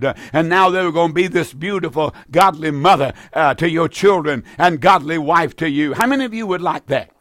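Older man, fervent radio preacher, urgent pleading, slightly high voice, dry close mic. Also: fairly bright tone, no echo. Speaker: radio preacher and call-in host. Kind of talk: evangelistic radio preaching with call-in.

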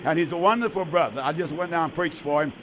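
A man's voice: fairly high pitch, fast talker, a little hiss or hum. An older man, hosting a religious radio call-in show as pastor, emphatic and repetitive. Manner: warm, emphatic, repetitive preacher's talk.

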